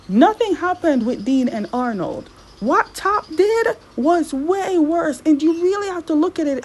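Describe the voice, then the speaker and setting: A woman recapping a TV drama episode in casual commentary, animated and exasperated, her voice jumping up high when worked up. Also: poor audio. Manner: animated, exasperated, swings up in pitch.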